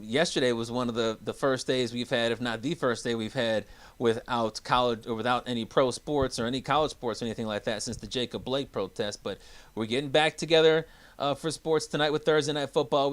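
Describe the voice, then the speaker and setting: A man's voice: mid-range voice, clean tone. A man co-hosting a sports talk podcast, with upbeat, hype announcer energy in casual chat. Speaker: podcast co-host.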